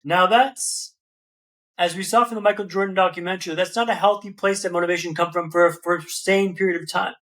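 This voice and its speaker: High-voiced man telling lively stories. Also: quick pace. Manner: animated, slangy, calls listener man and brother. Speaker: podcast guest. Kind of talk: casual storytelling.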